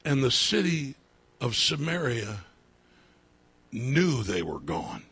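A male pastor preaching a sermon, repeating his phrases and building up to fervent shouting. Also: medium pitch, wildly swooping pitch, slow pace, slightly rough.

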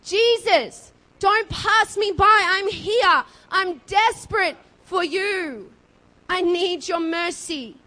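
A woman voicing a desperate blind male beggar who yells and pleads for mercy. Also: very high voice, slow, pitched above the performer's own voice, exaggerated voice. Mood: desperate pleading. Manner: yelling, pleading.

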